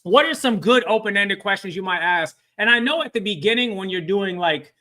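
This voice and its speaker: A man's voice: high voice, animated, brisk, pushed and bright. A man presenting a live training webinar, telling a story and often quizzing his audience.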